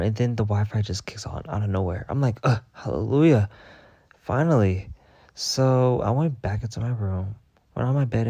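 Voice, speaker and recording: A young man telling a rambling, profane story in a casual monologue, packed with filler words and deadpan bragging. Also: fairly low pitch, dry recording. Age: young adult. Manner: rambling, heavy on "like" fillers and swearing. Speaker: vlogger.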